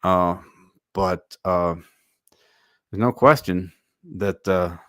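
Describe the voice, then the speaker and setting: A man's voice: low-pitched, very slow, a bit bright, no echo, studio quality. A man hosting a livestream, giving opinionated commentary in a loose, musing way. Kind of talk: casual commentary.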